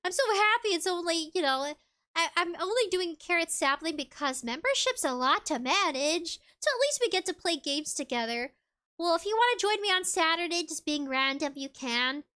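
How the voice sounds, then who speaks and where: A woman's voice: very high-pitched, expressive, moderate pace, bright, forceful tone. A woman VTuber chatting casually on a livestream, reading viewer comments aloud in a bubbly, giggly way. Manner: bubbly and giggly, with frequent laughs. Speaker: VTuber streamer.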